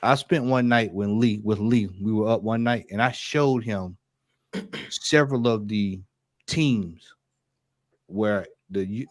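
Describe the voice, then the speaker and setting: A man's voice: on the low side, no room sound. A man chatting casually about football, rambling and easygoing. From United States. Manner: relaxed, rambling, loose with words. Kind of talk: casual chat.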